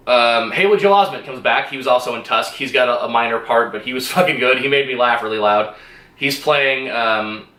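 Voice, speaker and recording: A man's voice: medium pitch, sharp tone, roomy sound. A man giving a casual movie review, rambling and enthusiastic, swearing freely and laughing often.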